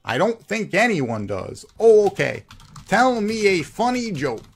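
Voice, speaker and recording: Male streamer, sarcastic and teasing; somewhat high, swooping voice that rises and falls a lot. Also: sing-song, a little slow, gravelly. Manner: sarcastic, mocking; reads other players' chat aloud. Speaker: game streamer. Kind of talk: live gameplay commentary.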